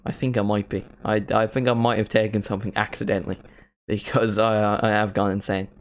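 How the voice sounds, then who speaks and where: A man's voice: fairly low pitch, level tone, a little fast. Chatty man with a mild Northern Irish accent. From Northern Ireland. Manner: casual, chatty, swears freely. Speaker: watchalong host. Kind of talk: live football watchalong commentary.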